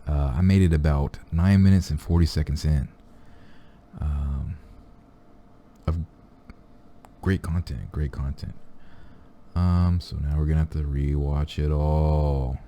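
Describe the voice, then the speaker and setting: Brief: young male reaction host, very low dark voice, rambling loose chat. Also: fairly even intonation, slow, pauses often, a little hiss or hum. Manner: rambling, full of fillers and restarts. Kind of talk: casual chat.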